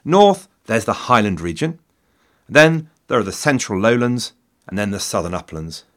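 A man's voice: lowish voice, big pitch swings, normal speed, a bit bright. Wry English man hosting a history podcast. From England. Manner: wry, self-mocking, theatrical asides. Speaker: podcast host. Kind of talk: solo history podcast narration. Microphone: studio mic in a shed.

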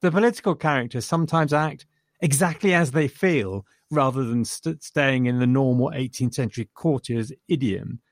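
A man's voice: mid-range voice, normal speed, no room sound, studio quality. A man discussing a film with enthusiasm, retelling funny scenes and chuckling as he goes. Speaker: film reviewer.

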